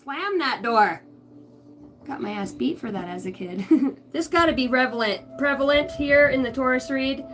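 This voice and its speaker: A woman's voice: high-pitched, normal speed, a bit bright, slight background noise, low-quality recording. A middle-aged woman from the United States giving a live tarot reading at home, chatty and blunt, swearing freely. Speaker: tarot reader. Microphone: livestream device.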